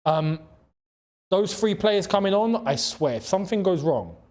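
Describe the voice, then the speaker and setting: Excitable high-voiced football watchalong host. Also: male voice, a little slow. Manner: excitable, shouting at big chances then groaning; chatty, reads out and thanks chat members. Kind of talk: live match reaction commentary.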